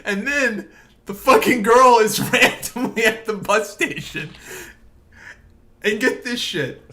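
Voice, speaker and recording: Young guy ranting about a movie, high bright voice, laughs a lot, swears constantly. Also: a little slow. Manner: animated storytelling, laughing, swearing often. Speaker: podcast host. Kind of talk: casual chat.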